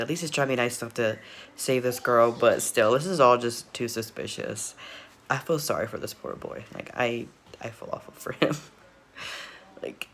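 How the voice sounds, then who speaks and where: A man's voice: medium pitch, fairly bright tone, slight background noise. A man casually reacting to a video, rambling, laughing often and repeatedly apologizing.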